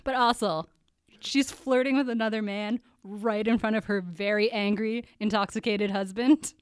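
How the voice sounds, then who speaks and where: A woman's voice: mid-range voice, fairly even intonation, moderate pace, clean tone, no echo, clean studio sound. A woman co-hosting a podcast, chatting casually about a TV episode in a wry, teasing way and laughing often. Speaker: podcast co-host. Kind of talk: casual chat recapping a TV episode.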